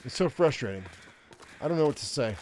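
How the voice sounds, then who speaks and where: A man's voice: medium pitch, expressive, fairly quick, a little mellow, a little hiss or hum. An older man giving casual, profane gameplay commentary, ranting and rambling with frequent restarts. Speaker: gaming streamer.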